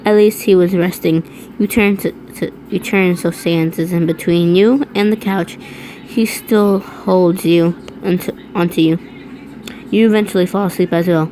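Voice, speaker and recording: A woman's voice: lowish voice, steady tone, moderate pace, dark tone, slight background noise, low-quality recording. A woman reading fan fiction aloud, often stumbling over words and restarting lines. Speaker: reader.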